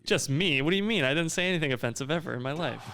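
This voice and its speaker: A man's voice: fairly high pitch, animated, rapid-fire, bright, forceful tone, clean tone. A man co-hosting a podcast, in playful, bantering casual chat. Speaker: podcast co-host.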